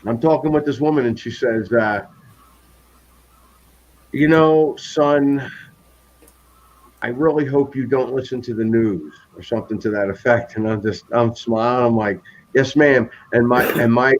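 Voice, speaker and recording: A man telling a story on a live stream in a loose, animated way, often restarting his sentences. His pitch sits in an ordinary middle range. The sound is a little dull and lo-fi. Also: measured pace, pauses often. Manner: rambling, animated, frequent restarts. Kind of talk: casual storytelling chat.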